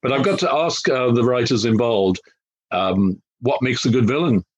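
A man's voice: mid-range voice, moderate pace, husky, no room sound. A man from Liverpool with a faint trace of its accent, co-hosting a casual book chat in a wry, rambling, self-deprecating way. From Liverpool, England. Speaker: podcast co-host.

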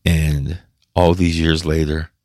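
A man hosting his own podcast, talking emotionally and haltingly with restarts, choked up and close to tears. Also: extremely low pitch, level tone, a little mellow, no echo. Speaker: podcast host. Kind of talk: personal podcast monologue.

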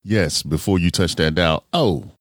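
Deep-voiced man hosting a podcast. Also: normal speed, no room sound, studio quality. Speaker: podcast host. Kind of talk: casual podcast talk.

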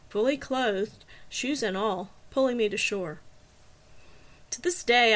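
A woman narrating a story in the first person, steady and even. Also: mid-range voice. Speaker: audiobook narrator.

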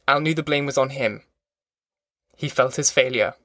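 Male audiobook narrator, measured reading, mid pitch, dry close recording. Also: pushed and bright, no room sound. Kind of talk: scripted narration.

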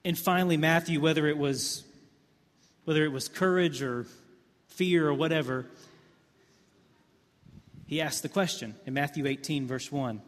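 A male pastor preaching a sermon, telling the scene like a story, with many repeated words and swings from hushed to emphatic. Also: a little high, moderate pace, pauses often. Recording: long hall reverb.

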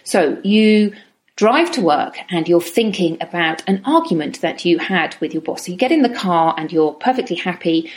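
A middle-aged woman giving a calm, reflective self-help talk and slowing down on key words. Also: fairly low pitch.

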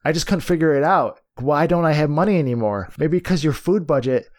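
A man's voice: fairly high pitch, a little fast, darkish tone. A man co-hosting a podcast, chatting casually and swearing freely. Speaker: podcast co-host. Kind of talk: casual chat.

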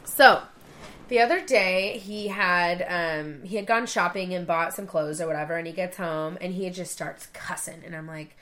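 Bright-voiced woman swearing in casual chat. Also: moderate pace. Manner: swears freely, acts out quotes with big pitch jumps. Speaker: podcast co-host.

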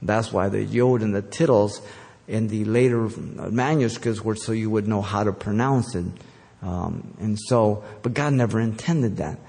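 Guy preaching in a church, lowish mellow voice, chatty with lots of ums and restarts, long hall echo. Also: unhurried. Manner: conversational, with filler words and self-corrections. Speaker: pastor. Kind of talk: sermon.

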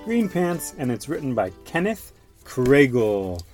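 Dad reading a picture book aloud. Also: male voice, medium pitch, very animated, unhurried, faint music behind. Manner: warm questions to the child, explains words. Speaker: father reading to his son.

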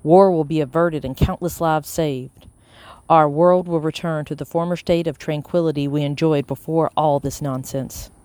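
A reader voicing a scheming colonial-era male mayor who speaks calmly and persuasively in an audiobook. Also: medium pitch, normal speed, dry recording, natural voice. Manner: calm, coldly persuasive. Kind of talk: audiobook character reading.

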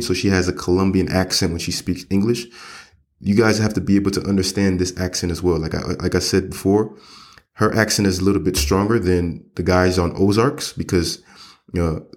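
An English teacher hosts an English-learning podcast, giving a casual spoken lesson in a rambling style full of fillers and restarts. His voice sits low with a darkish tone.

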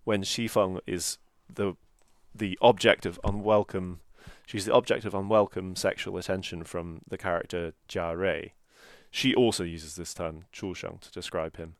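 A man co-hosting a podcast explains a classic novel in a careful, explanatory way during a casual book discussion, pronouncing Chinese terms along the way. His low voice is fairly even, at a moderate pace with few pauses, in a dry, studio-quality recording.

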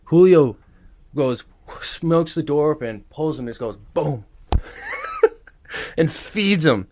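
A young man co-hosting a podcast, telling an animated story with lots of laughter and acted-out quotes. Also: on the high side, slow pace, slight background noise. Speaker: podcast co-host. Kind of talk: casual storytelling chat.

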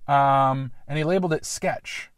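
A man's voice: medium pitch, unhurried, clear, resonant tone, no echo, studio quality. A man hosting a solo podcast, rambling and self-deprecating with casual swearing, recording outdoors in a park. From Columbus, Ohio. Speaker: podcast host.

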